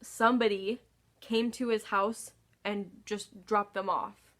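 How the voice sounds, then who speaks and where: A woman vlogger tells a story in a loose, casual voice. She sighs often, swears freely and sounds exasperated. Her voice sits at a middle pitch for a woman. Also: fairly even intonation, takes it slowly, fairly bright tone.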